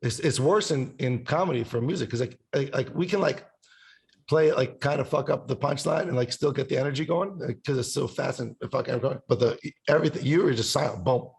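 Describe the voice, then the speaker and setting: A male musician chatting casually on a podcast with a gravelly, creaky edge to his voice. He rambles, swears freely and hums or sings little bits to make his point. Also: mid-range voice, a little fast, a little mellow. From Italian family background. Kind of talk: casual chat.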